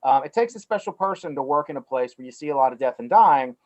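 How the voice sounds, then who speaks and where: A man's voice: on the high side, lively intonation, fast, highs cut off. A middle-aged man with a North Carolina Southern twang, telling stories in a casual interview over a video call. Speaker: guest, cannabis company CEO.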